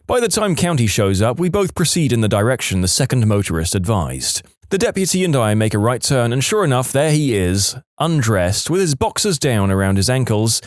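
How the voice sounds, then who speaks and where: A man reading short stories aloud as a podcast narrator, in the lively manner of a storyteller. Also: mid-range voice, no room sound, studio quality. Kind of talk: scripted narration of reader stories.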